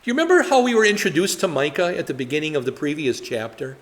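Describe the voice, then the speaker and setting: A man's voice: fairly high pitch, very animated, fast talker, a bit bright, in a large hall. Chatty male pastor teaching Bible study. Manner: chatty, rhetorical questions, frequent fillers.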